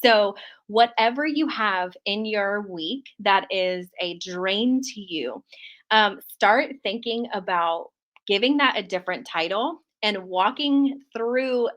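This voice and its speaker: A woman's voice: mid-range voice, slow pace, fairly bright tone. A woman author who is a guest on a podcast, speaking upbeat and emphatic, laughing often as she gives advice. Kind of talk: casual interview chat.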